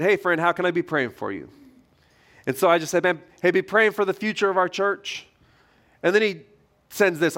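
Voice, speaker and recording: A man in middle age delivers a sermon from a church stage, his voice sitting fairly high for a man. He talks like he is telling friends a story, letting his volume sink low and then rise again. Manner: conversational storytelling with lively shifts in loudness. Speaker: pastor.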